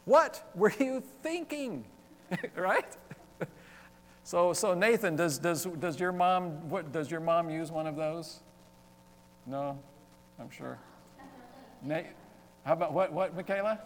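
A male pastor preaching a sermon, talking with the congregation and acting out exclaimed questions in an animated way. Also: fairly high pitch, measured pace, long pauses, in a large hall. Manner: animated, interacts with congregation, acts out quoted exclamations. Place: church sanctuary.

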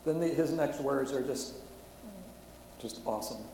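A man's voice: medium pitch, unhurried, long pauses, dark tone, slight background noise. A middle-aged man preaching a sermon as a pastor, telling a story earnestly and holding back his emotion. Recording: echoey hall from far off, faint ambience.

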